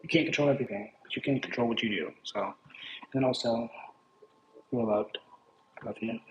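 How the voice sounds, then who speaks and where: A man's voice: mid-range voice, expressive, fairly quick, dull audio. A man giving a casual tarot reading, rambling and playful, often breaking off mid-thought. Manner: rambling, playful, self-interrupting. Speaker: tarot reader. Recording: echoey room with faint background noise.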